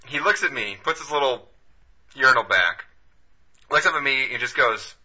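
A man telling a story on a casual podcast, laid-back and deadpan, with a lot of swearing. His voice is very bright and lively in pitch. The audio is dull and lo-fi. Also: moderate pace, breathy edge. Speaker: podcast co-host.

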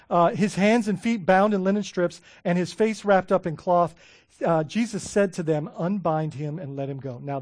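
Animated man preaching a sermon. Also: fairly high pitch, dry recording, studio quality. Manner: animated, repeats and restarts words, laughs often. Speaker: pastor.

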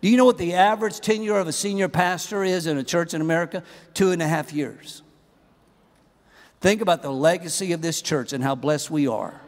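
A middle-aged man preaching a humorous, animated sermon in a large church auditorium. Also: fairly high pitch, a little fast, long reverb tail. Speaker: pastor.

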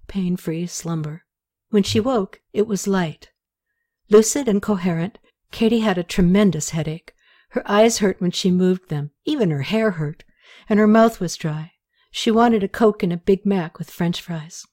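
Woman narrating an audiobook. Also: medium pitch. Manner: steady, measured storytelling. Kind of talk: scripted narration.

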